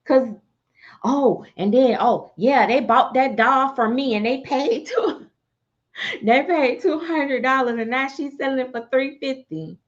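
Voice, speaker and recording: A woman who makes and sells dolls, ranting on a livestream in a sassy, animated way and cussing freely. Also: high-pitched, a little slow, lo-fi sound. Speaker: doll artist and seller. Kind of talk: livestream rant.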